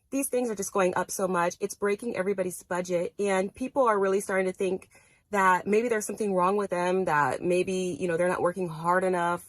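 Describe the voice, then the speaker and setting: A woman's voice: on the low side, no room sound. Earnest woman host, dry sound. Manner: earnest, explaining. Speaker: channel host. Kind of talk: commentary to camera.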